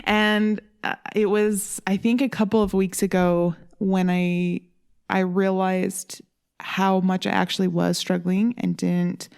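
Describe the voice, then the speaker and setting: A young woman and new mother co-hosting a podcast, talking in a thoughtful, measured, self-reflective way. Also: medium pitch, level tone, vocal fry, darkish tone, clean tone. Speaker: podcast co-host. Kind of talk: casual chat.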